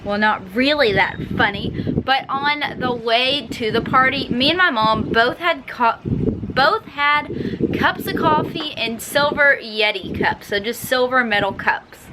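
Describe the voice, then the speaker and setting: A woman's voice: sits high, a little slow, noisy background. A young woman, chatting bubbly and directly to her viewers in a casual vlog. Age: young adult. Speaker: vlogger.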